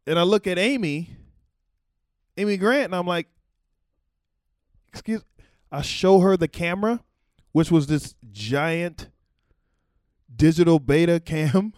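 A man's voice: a little high, animated, measured pace, long pauses, darkish tone, dry recording, studio quality. A man telling a loose, rambling story in casual chat, with profanity and laughing asides. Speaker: former White House camera operator.

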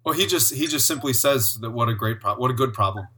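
Bright-voiced man hosting a podcast. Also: medium pitch, fast. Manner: enthusiastic, storytelling, affirming. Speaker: podcast host. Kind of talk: conversational interview.

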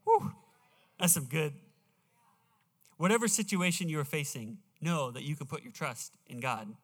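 A man preaching a sermon in a church, earnest and deliberate, slowing down to read scripture with emphasis. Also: a little high, fairly bright tone. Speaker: pastor. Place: church sanctuary. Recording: reverberant church hall.

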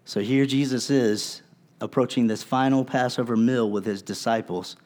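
A man's voice: mid-range voice, fairly even intonation, normal speed, a little mellow. Earnest conversational male pastor preaching. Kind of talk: sermon.

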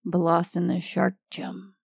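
Gravelly dry-witted woman. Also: lowish voice, a little slow, no room sound. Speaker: podcast co-host. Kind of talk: casual podcast chat.

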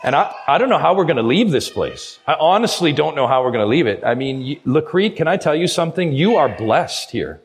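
A middle-aged man preaching a sermon as a guest pastor, earnest and urging, slowing down hard on key phrases. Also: a little high, sing-song, breathy edge. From Canada.

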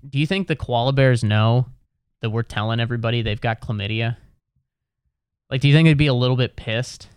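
A man's voice: fairly low pitch, smooth, dry recording, studio quality. A man doing a rambling, exasperated stand-up routine, swearing freely. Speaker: comedian. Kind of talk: stand-up comedy monologue.

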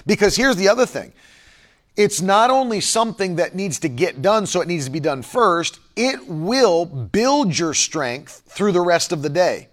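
A man preaching a livestream sermon, emphatic and repeating his key phrases, pausing to read viewer comments aloud. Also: high-pitched, lively intonation.

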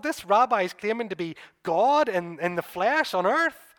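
A man preaching a sermon as pastor, retelling a gospel story vividly and speaking to listeners as "you", building to excited peaks and then dropping quiet. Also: high-pitched, normal speed, hardly any pauses.

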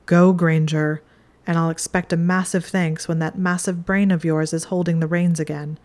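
A woman's voice: on the low side, level tone, normal speed, a little mellow, close to an everyday voice. A woman reading an audiobook, voicing an arrogant young male wizard student with a dry, clipped, commanding delivery. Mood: stern. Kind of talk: audiobook narration.

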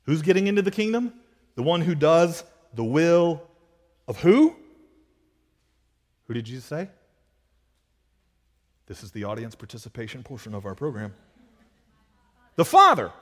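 Emphatic preacher with lively pitch. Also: male voice, moderate pace, pauses often. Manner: emphatic, repetitive, rhetorical questions, swings between loud and hushed. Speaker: pastor. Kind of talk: expository sermon. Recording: long reverb of a large hall.

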